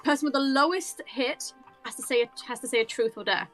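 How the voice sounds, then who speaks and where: A woman's voice: high-pitched, fairly quick, a bit bright, soft background music, low-quality recording. A woman playing a tabletop role-playing game, eager and full of suggestions. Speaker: player. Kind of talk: casual tabletop game chat.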